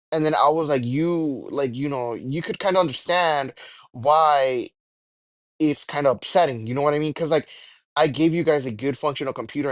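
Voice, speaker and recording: A man's voice: mid-range voice, dry recording. A young man telling a rambling, profane storytime with jokey exaggerations. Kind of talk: casual storytime rant.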